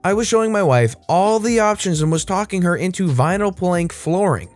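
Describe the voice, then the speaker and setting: A man hosts a storytime channel and reads online stories aloud. His voice sits high and swings widely in pitch, giving the telling an animated, lively feel, with faint music underneath. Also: normal speed.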